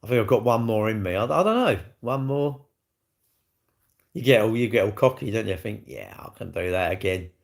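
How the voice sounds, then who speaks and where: A man's voice: fairly low pitch, animated, normal speed, vocal fry. A middle-aged man hosting a casual livestream, cheekily bantering and reading viewer comments aloud before answering them. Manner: cheeky, blunt and jokey. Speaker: livestream host.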